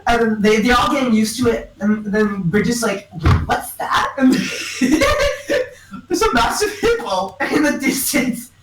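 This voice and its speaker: A young woman rambles through a comic story, often giggling, with a lively voice set fairly high. She sounds far from the mic in an echoey space, over a loud vehicle rumble. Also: unhurried. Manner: giggling, breaking into character voices.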